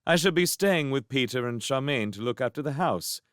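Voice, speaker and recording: A man doing a brisk, bossy witch. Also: medium pitch, expressive, fairly bright tone, no echo, clean studio sound, voice pushed up, lightly acted. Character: brisk efficient middle-aged witch, mother.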